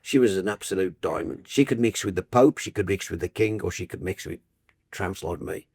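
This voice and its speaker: Older broadcaster, husky, deep, storytelling guest. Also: male voice, fairly quick, dry recording, clean studio sound. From Birmingham, England. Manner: warm anecdotal, animated, trailing restarts. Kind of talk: casual storytelling chat.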